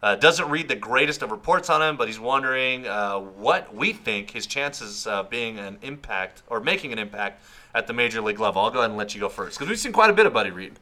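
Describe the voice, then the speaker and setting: A male podcast co-host with a very bright, sharp voice at an ordinary pitch. He trades dry, teasing remarks in relaxed sports chat. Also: a little fast.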